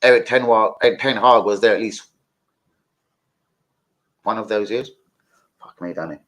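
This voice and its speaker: A man's voice: fairly low pitch, fairly even intonation, normal speed, a bit bright. A man hosting a live football watch-along, chatting casually, rambling off-topic and swearing freely while talking to his viewers. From London.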